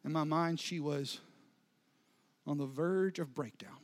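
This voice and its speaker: A man with a high voice preaching a sermon. He tells the story dramatically, dropping to near-whispers and then building up again. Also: unhurried. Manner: dramatic storytelling with sudden soft drops and rising intensity. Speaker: pastor.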